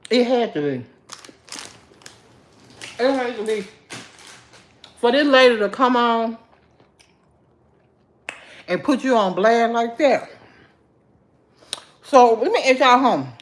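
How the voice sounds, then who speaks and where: Animated chatty woman livestreaming. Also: on the high side, slow pace, long pauses, a little hiss or hum. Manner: chatty, animated, greets viewers by name. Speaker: livestream host. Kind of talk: casual livestream chat with viewers.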